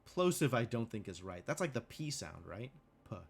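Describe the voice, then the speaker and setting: A man's voice: fairly low pitch, lively intonation, normal speed, creaky, husky, soft background music. A male livestreamer giving casual gameplay commentary, thinking aloud with questions to himself and chatting and laughing with viewers. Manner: chats with viewers, laughing easily.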